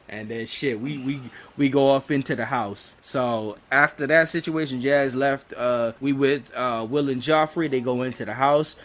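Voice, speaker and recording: A man's voice: mid-range voice, lively intonation, moderate pace, few pauses, a bit bright. A man co-hosting a podcast, recapping a TV episode in a casual, slangy way, laughing often and restarting his sentences. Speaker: podcast co-host.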